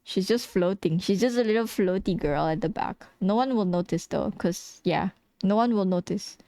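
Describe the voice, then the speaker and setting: A woman's voice: medium pitch, moderate pace, mellow, no room sound. A tired woman streaming as she draws, chatting casually, laughing a lot, swearing and teasing herself. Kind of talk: casual chat while drawing on stream.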